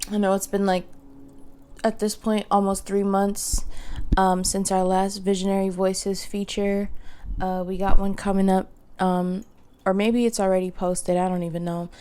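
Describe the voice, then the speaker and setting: A woman's voice: medium pitch, little pitch movement, unhurried, mellow, smooth. A young woman hosting a casual solo podcast, telling stories in a chatty way full of fillers. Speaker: podcast host. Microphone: podcast microphone.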